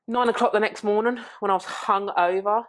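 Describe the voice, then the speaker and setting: A woman's voice: medium pitch, steady tone, fairly quick. A woman, a podcast guest, telling her own story in a candid, blunt way and swearing freely. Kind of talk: frank personal storytelling.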